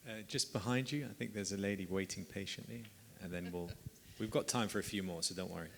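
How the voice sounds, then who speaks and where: Soft-spoken male moderator, hall reverb. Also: deep voice, fast talker, gravelly, a little hiss or hum. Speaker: event moderator. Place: event hall.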